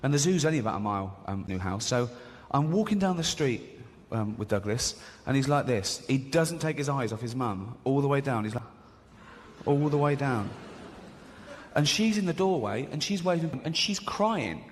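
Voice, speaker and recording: A man delivers stand-up comedy in a big hall, his voice carrying a long echo. He talks in a chatty, mocking way and keeps laughing at his own lines, with audience noise clearly heard behind him. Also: mid-range voice, expressive, moderate pace. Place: large theatre with live audience.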